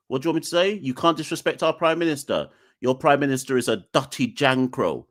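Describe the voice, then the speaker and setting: Male podcast host, young adult, lively ranting delivery. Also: medium pitch, brisk, few pauses. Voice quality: animated, defiant, joking ranting. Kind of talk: live call-in show chat.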